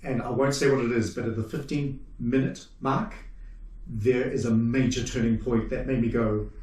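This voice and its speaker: A man with a New Zealand accent, a puppet maker chatting as the guest in an interview, telling stories lively and acting out what people said. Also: medium pitch, moderate pace. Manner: animated storyteller who acts out quoted remarks. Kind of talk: casual interview chat. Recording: roomy sound from a distant mic.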